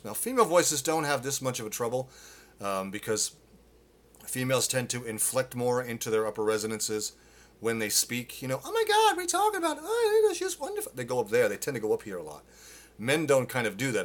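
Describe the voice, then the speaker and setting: Bright-voiced male vocal coach. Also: lowish voice. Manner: casual, explains with demonstrations and filler words. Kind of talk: live Q&A singing lesson.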